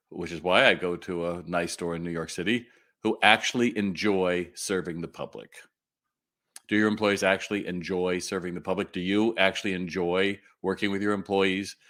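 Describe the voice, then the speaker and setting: A man's voice: sits low, fairly bright tone. A middle-aged man hosting a live retail Q&A, talking casually and animatedly, with lots of fillers and restarts. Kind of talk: casual livestream talk.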